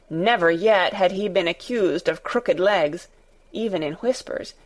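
A woman narrating a storybook in a deliberate, expressive reading. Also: mid-range voice, rough recording. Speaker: audiobook narrator.

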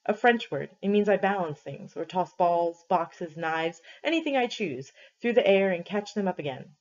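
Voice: medium pitch, animated, normal speed, natural voice. A reader doing a boisterous big-bellied juggler. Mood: boastful. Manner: leering, demanding, boastful. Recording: dull lo-fi recording.

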